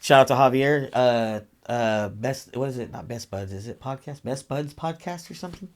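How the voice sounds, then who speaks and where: A man's voice: mid-range voice, normal speed. A man who raps, a guest on a podcast, chatting casually and often checking in with his listener. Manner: keeps tagging lines with 'you know what I mean'. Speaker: rap artist guest.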